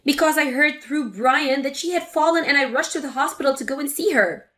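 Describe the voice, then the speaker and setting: A woman's voice: high voice, a little fast, soft background music. A woman voicing an indignant adult daughter confronting her mother in a dramatic story reading. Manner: indignant, forceful.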